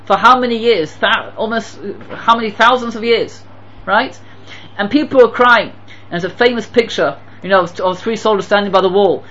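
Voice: mid-range voice, normal speed, fairly bright tone, highs cut off, a little hiss or hum. A Torah teacher giving an impassioned sermon, telling stories and pressing rhetorical questions with emphatic repetition. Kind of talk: sermon with storytelling.

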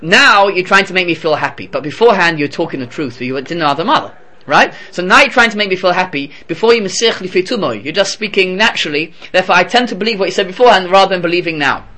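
A woman's voice: lowish voice, lively intonation, fast, pushed and bright. A man playing a stern older mother of a groom. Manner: firm, reproachful.

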